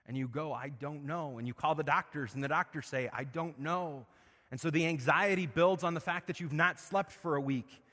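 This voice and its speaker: A man preaching a sermon, asking his listeners questions and swinging between loud emphasis and quiet, low passages. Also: long reverb tail. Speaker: pastor.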